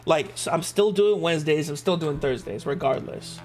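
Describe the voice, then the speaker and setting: A man streaming live and chatting casually, animated, laughing often and swearing freely. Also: fairly high pitch, moderate pace, faint music behind.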